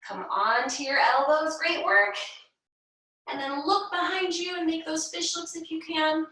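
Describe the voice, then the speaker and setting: A young woman leading a children's yoga class, giving gentle, encouraging, sing-song instructions. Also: sits high, unhurried, heavy reverb, distant mic, rough recording. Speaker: kids' yoga teacher.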